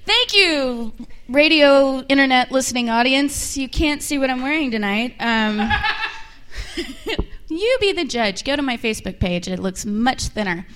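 A young woman performing a bawdy, animated stand-up comedy set. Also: high-pitched, a little slow, noisy background.

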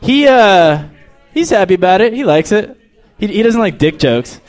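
Animated young comic, crude and deadpan. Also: male voice, high-pitched, normal speed, faint music behind. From El Paso, Texas. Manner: deadpan, crude, stumbling restarts. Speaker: stand-up comedian. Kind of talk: stand-up set and casual interview.

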